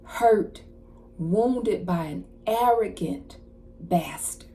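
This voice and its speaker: A woman card reader giving a casual channeled message, retelling a story in an animated way with slang and asides. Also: medium pitch, very slow, slight background noise.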